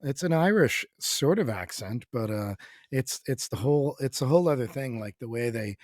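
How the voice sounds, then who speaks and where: A man from Canada telling rambling, animated stories as a musician guest on a casual podcast. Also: medium pitch, moderate pace, no echo, clean studio sound.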